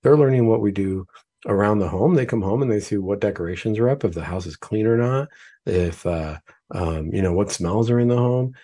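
A man's voice: lowish voice, brisk, warm tone. A man hosting a talk show, explaining earnestly and telling case stories as a clinician. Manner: earnest, explanatory, quotes imagined speakers. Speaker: psychiatrist and radio show host.

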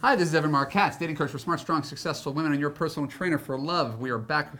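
A man's voice: on the high side, fast talker, fairly bright tone. A man hosting a dating podcast, who sounds upbeat and enthusiastic as he introduces his guest and the segments. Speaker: podcast host, dating coach. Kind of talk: podcast interview and show intro.

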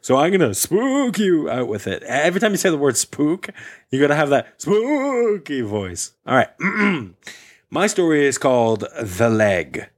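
A man's voice: a little high, wildly swooping pitch, a little slow. A man hosting a casual podcast and reading a story aloud with playful humor. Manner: playful, laughs often. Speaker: podcast host.

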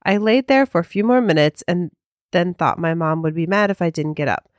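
A woman's voice: lowish voice, lively intonation, brisk, no echo, studio quality. A woman co-hosting a podcast in casual chat, chatty and full of fillers. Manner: chatty, filler-heavy, hesitant. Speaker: podcast co-host.

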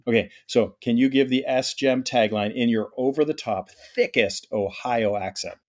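Middle-aged man from Canada hosting a podcast, mid-pitched, chatty and eager, with loose, rambling phrasing. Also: normal speed, a little mellow. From Ontario, Canada. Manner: chatty, enthusiastic, self-correcting. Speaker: podcast host. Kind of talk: casual medical podcast chat.

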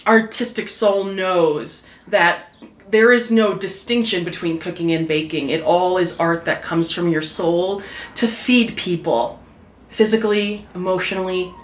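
A woman's voice: mid-range voice, roomy sound. A woman player introducing her game character, bubbly and laughing often.

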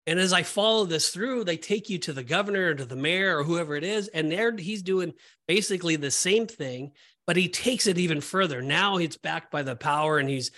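Emotional man, higher voice, rambling. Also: bright, forceful tone. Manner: rambling, emotional, many restarts. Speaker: podcast co-host. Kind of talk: casual Bible discussion.

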